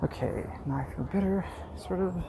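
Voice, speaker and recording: A man streaming a game, rambling to himself in a sarcastic, dark-humored monologue. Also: high voice, moderate pace, vocal fry. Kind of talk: rambling live-stream monologue while playing. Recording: steady background noise.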